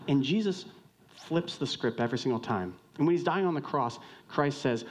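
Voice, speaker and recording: A man's voice: mid-range voice, a little fast. Man preaching a casual, joking sermon. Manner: conversational, joking preaching that swings between loud and hushed; addresses the congregation directly with questions. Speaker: pastor.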